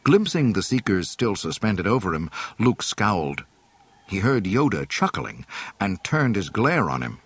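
A man narrating an audiobook in a dramatic, expressive way. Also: on the low side, unhurried, breathy edge, no room sound. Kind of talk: audiobook reading.

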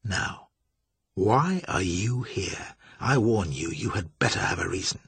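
A cold, menacing pale stranger, as a man puts him on, speaking low, slow and formal. His voice drops into a husky hush. The sound is close and dry. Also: animated, dry recording, heavily acted.

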